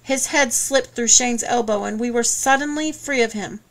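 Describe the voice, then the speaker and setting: A woman reading an audiobook in first person, steady and measured. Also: on the high side. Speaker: audiobook narrator. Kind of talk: scripted first-person narration.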